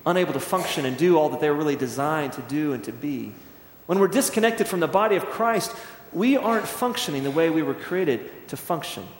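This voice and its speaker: This middle-aged man's voice sits on the high side, with a slight hiss or hum on the recording. Preaching as pastor in a church sanctuary with echoing acoustics, he tells stories in a conversational way and acts out scenes.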